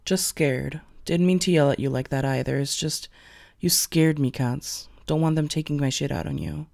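A man voicing a gentle, devoted young male hero who speaks in a soft, soothing, hushed way. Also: a little high, fairly even intonation, moderate pace, gravelly. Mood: tender.

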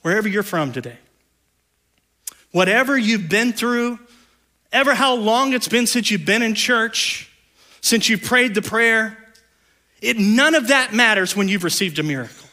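High, bright-voiced man preaching. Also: lively intonation, a little slow, pauses often. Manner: dynamic preaching, swings between hushed low lines and loud raised ones; playful asides in a conversational tone. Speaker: pastor. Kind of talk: sermon.

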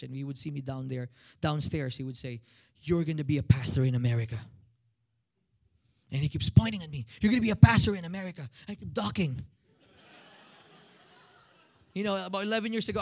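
A man in his thirties with a Filipino accent, preaching a sermon and calling out to his congregation. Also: fairly high pitch. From Philippines. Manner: animated, calls out to the congregation. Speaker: pastor.

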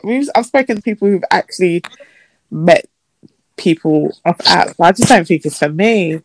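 An animated woman co-hosting a podcast talks at a moderate pace in a dry recording. Her casual chat features storytelling and messages acted out in a mocking, high-pitched voice.

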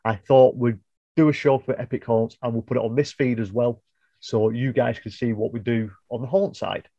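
Man, mellow dull-sounding podcast voice. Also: medium pitch, steady tone, normal speed, no echo. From United Kingdom. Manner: rambling, self-correcting, apologetic. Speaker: podcast co-host. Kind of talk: casual podcast chat.

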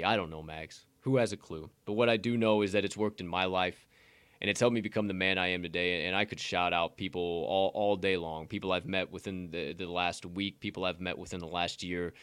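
A man with a lowish voice delivers a casual motivational segment on a podcast. He is blunt and profane, and he rambles and restarts as he talks. The sound is dry and close. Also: fairly bright tone, clean tone, dry recording.

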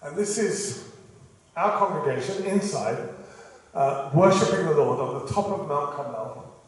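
Man, English, preaching, slightly high voice, lively delivery with jokes, heavy echo, distant mic. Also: measured pace. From England. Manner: animated, joking asides, dramatic scripture quoting. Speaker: pastor. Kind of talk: sermon. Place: church hall. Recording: echoey hall, speaker far from mic.

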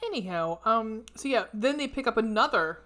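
A woman's voice: fairly high pitch, animated, normal speed, fairly bright tone. A young woman co-hosting a casual podcast chat about a horror film, rambling with many fillers and casual swearing. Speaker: podcast co-host.

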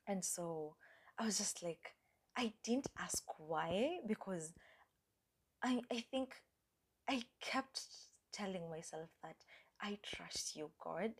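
A woman's voice: mid-range voice, lively intonation, slow pace, breathy edge. A young woman hosting a podcast, telling her personal faith story in an earnest, reflective way, with fillers and at times dropping almost to a whisper. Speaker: podcast host. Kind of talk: personal faith testimony, casual talk.

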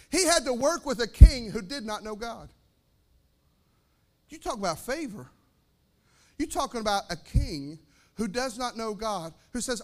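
A man preaching a sermon as pastor, energetic, repeating phrases and calling for amens. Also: high-pitched, moderate pace.

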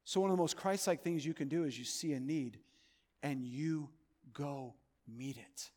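A man preaching a sermon as pastor of his church, earnest, moving between loud urging and soft, hushed pleading. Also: a little high, normal speed, big-room sound. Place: church sanctuary.

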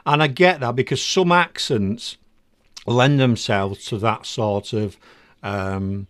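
A man hosting a relaxed interview, chatty and eager, tripping over repeated words as he goes. His voice sits in a middle range and is recorded dry, with no room echo. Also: mid-range voice, slow pace. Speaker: podcast host. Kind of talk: casual interview.

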